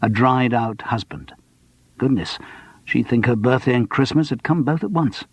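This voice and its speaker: Husky man narrating a mystery. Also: mid-range voice, normal speed, no room sound. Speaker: audiobook narrator. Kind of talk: scripted narration.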